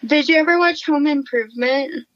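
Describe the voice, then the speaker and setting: A woman's voice: high voice, moderate pace, no room sound, dull audio. A woman co-hosting a podcast, chatting casually and giggling as she reads old ad quotes aloud. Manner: giggly, laughs while reading. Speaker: podcast co-host.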